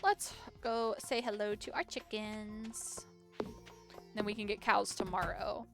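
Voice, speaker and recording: A woman's voice: mid-range voice, fairly even intonation, slow, faint music behind. A woman game streamer chatting casually while she plays, rambling through a story with lots of "like" and free swearing.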